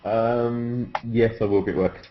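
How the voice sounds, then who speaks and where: A man's voice: medium pitch, steady tone, measured pace, slight background noise. A man on a casual group video chat, giving dry, wry replies. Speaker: hangout participant. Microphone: video call. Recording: dull lo-fi video call audio.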